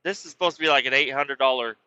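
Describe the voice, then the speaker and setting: Man, crude and excitable. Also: mid-range voice, very fast, no room sound, highs cut off. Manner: crude, excitable, acts out both sides of arguments. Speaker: podcast host telling stories. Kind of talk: casual storytelling.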